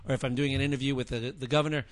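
A man's voice: medium pitch, little pitch movement, very fast, no echo. A middle-aged man telling a rambling story in a casual interview chat, often interrupting himself. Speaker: freelance TV cameraman, radio show co-host.

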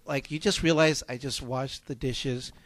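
A man co-hosting a casual talk show, animated and rambling, often repeating himself as he makes a point. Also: mid-range voice, measured pace, dry recording. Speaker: co-host. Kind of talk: casual radio chat.

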